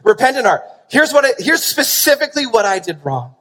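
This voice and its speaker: A man preaching a sermon as pastor, animated and emphatic, pressing points with rhetorical questions. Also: very high voice, a little fast. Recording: long reverb of a large hall.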